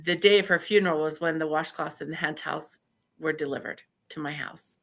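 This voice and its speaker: An older woman from Idaho, a podcast guest, telling stories in casual chat, animated, acting out what people said and laughing often. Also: sits low, a little fast. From Idaho, USA. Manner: animated storyteller who laughs often and acts out quotes. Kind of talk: casual storytelling interview.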